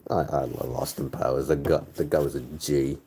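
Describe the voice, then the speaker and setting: A man's voice: a bass voice, little pitch movement, normal speed, creaky, warm tone, a little hiss or hum. A man in his thirties chatting casually with his audience in a crude, joking, rambling way. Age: 30s. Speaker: streamer reading chat. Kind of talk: casual chat.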